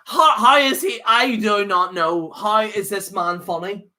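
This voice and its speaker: A man's voice: high voice, unhurried, sharp tone. A man hosting his own livestream, rambling in a fired-up, jokey rant. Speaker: livestream host.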